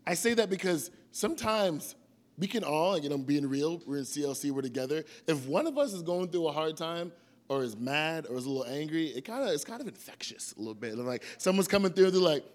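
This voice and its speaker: A young man gives a casual sermon to a youth group. His voice sits a bit high and swings widely as he acts out little scenes. He slips into funny voices for the people in his stories. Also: animated, fast talker. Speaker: youth pastor.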